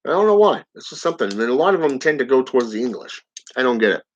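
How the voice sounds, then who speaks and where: A man's voice: mid-range voice, big pitch swings, quick pace. A man hosting his channel, reading viewer comments aloud in a casual live-stream chat and chuckling often. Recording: dull lo-fi audio.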